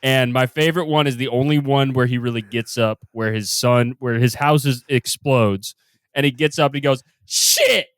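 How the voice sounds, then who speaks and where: A man guesting on a comedy podcast, recapping a movie in casual chat, laughing and lively in his storytelling. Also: mid-range voice, normal speed, clean tone, dry recording.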